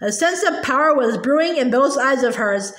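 High-voiced woman reading a storybook. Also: moderate pace. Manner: expressive, with occasional stumbles and repeats. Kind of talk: reading a children's novel aloud. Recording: echoey room.

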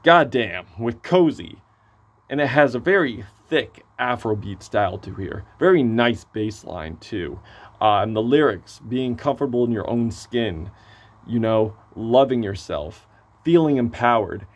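A man with a hoarse voice giving a casual, excitable album review, gushing and swearing freely. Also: lowish voice.

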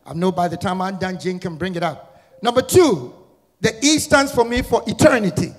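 A male guest pastor preaching an Easter sermon, firing repeated questions at the congregation and building into shouted, sing-song crescendos. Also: high-pitched, moderate pace. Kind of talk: Easter sermon with call-and-response. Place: church sanctuary. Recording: church hall reverb with music.

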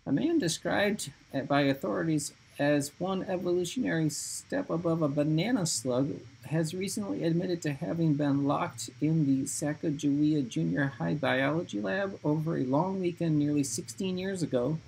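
A man voicing a scrawny, nervous schoolboy who reads aloud in a high, shaky voice. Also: moderate pace, gravelly, darkish tone, husky, exaggerated voice, rough recording. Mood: nervous reading. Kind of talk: audiobook reading.

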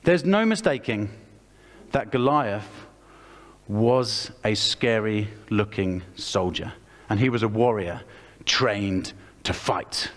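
A man with an English accent preaching a lively storytelling sermon, acting out the characters as he tells the story. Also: on the low side, slow pace. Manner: animated, acts out the characters' voices. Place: church hall. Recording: long hall reverb.

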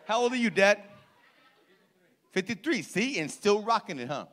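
A man in his forties doing crowd-work stand-up in a comedy club, loud and profane, teasing people in the audience. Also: sits high, very animated, moderate pace. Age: 40s.

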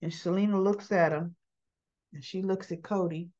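A woman's voice: fairly low pitch, fairly even intonation, normal speed, warm tone, muffled recording. A woman recapping a soap opera episode in a casual, chatty way, acting out the characters' lines and laughing as she goes. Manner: laughs often while talking.

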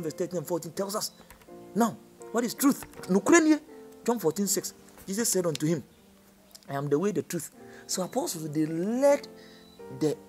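A man with a Ghanaian accent preaching a sermon, impassioned, dropping low and then crying out. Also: a little mellow.

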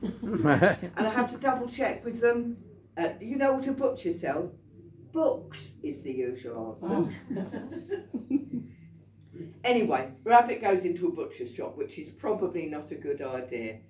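A woman folk performer with a fairly low, slightly mellow voice and lively intonation tells a story live to a club audience in a pub's folk room. She is unhurried, with long pauses, chatty and playful, laughing between lines and coaxing listeners to join in. The room is echoey, the mic distant, with slight background noise.

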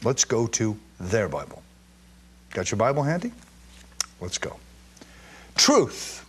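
A man teaching from the Bible to an audience, emphatic, repeating key words and reading verses slowly with stress, with chatty asides and questions to his listeners. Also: on the low side, sing-song, husky. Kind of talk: teaching to a live and streamed audience.

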